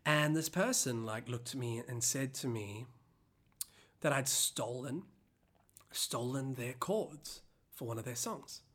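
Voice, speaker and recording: A singer-songwriter hosting a podcast, casually telling the story behind a song, rambling with many fillers and restarts, the voice leaping up in pitch when reliving anger. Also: slow pace, fairly bright tone.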